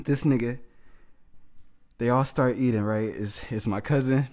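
A man's voice: medium pitch, a little slow, a little mellow. A young man co-hosting a podcast, chatting casually and telling a story while breaking into frequent laughter. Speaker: podcast co-host.

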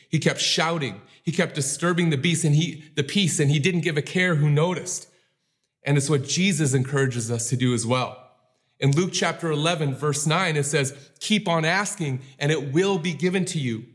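A man's voice: fairly high pitch, fairly bright tone. A man preaching a sermon, acting out scenes with voices and rising to urgent calls. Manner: dramatic, acts out the scenes he tells.

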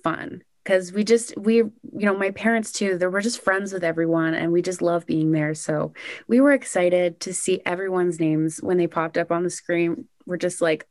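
A young woman, a singer-songwriter, chatting excitedly in an interview with lots of "like" and "oh my gosh". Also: fairly low pitch, normal speed, dry recording, studio quality. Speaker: country singer-songwriter guest. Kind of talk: casual interview answers.

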